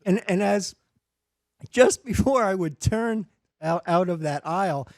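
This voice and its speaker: Speaking a little slowly in a high-pitched voice, a middle-aged man shares stories about his family during a relaxed conversation. As a father and animated storyteller, he performs the different voices, captured in clean, echo-free studio sound.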